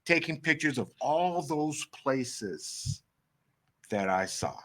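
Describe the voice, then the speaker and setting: Animated storytelling man, middle-aged. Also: mid-range voice, slow pace. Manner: animated, acts out quoted dialogue. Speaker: photographer guest. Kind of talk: storytelling interview.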